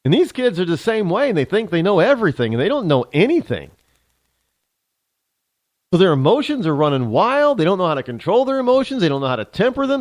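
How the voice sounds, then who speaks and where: A man's voice: sits high, dry recording. A man from the United States hosting a talk show, ranting sarcastically in an opinionated monologue.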